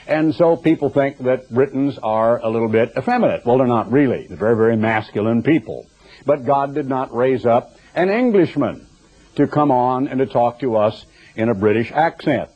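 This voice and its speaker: An older man preaching a radio sermon in a conversational, digressive and emphatic way. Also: medium pitch. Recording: dull lo-fi recording.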